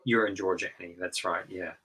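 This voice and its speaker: A man's voice: low voice, fairly even intonation, brisk, sharp tone, husky, rough recording. A man chatting casually on a late-night online call, hesitant and full of fillers. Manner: hesitant, many fillers and restarts. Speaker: guest.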